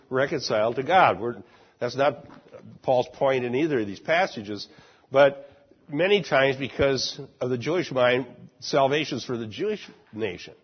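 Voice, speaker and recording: A man's voice: medium pitch, slightly rough. A man teaching a Bible study class, explaining a passage and asking the class questions along the way. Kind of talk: Bible class lecture and discussion. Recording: muffled lo-fi recording.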